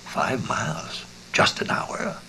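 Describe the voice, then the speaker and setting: A man voicing a gruff, wary drifter in a dramatized audiobook, speaking in terse growls. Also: slow pace, pushed and bright, slight background noise.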